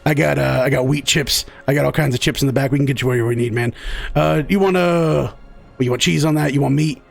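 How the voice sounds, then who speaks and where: A man voicing a big, easygoing male orc head waiter in a tabletop game, with fast, friendly, bro-style chatter. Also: medium pitch, creaky, soft background music.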